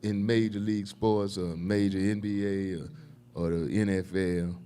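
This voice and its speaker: A man's voice: low voice, level tone, normal speed, warm tone, clean tone. An older man hosting a podcast panel, talking in a loose, joking way and swearing freely. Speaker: podcast host. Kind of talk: casual panel chat.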